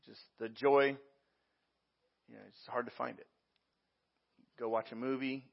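A man's voice: mid-range voice, flat delivery, a little slow, gravelly, lo-fi sound. A man preaching a sermon as a pastor, talking conversationally with frequent repeats and fillers.

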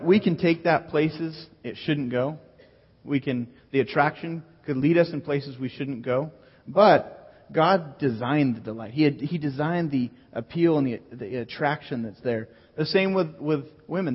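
A man's voice: on the high side, breathy edge. A man preaching a sermon as pastor in a church hall, earnest and teacherly, repeating key phrases. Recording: dull audio with long hall echo.

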